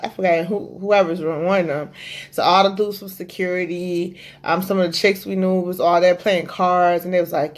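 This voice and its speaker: A woman hosting a podcast, telling a story in a casual, animated and profane way. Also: fairly low pitch. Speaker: podcast host.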